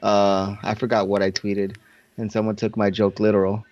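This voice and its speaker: A man's voice: lowish voice, completely flat delivery, moderate pace, a little mellow, no echo. A man co-hosting a casual podcast, blunt and teasing, swearing freely. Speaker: podcast co-host. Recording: dull, muffled audio.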